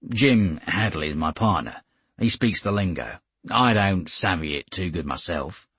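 A man's voice: deep voice, expressive, a little slow, fairly bright tone, slightly rough, no echo, exaggerated voice. A man reading an audiobook, voicing a haggard Australian sailor of about forty who tells his story in a broad, easygoing way. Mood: easygoing yarn. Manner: broad, easygoing yarn-spinning.

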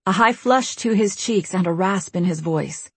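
A woman narrating an audiobook with tense, steady storytelling. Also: on the low side, normal speed, breathy edge, no echo. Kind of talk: scripted narration.

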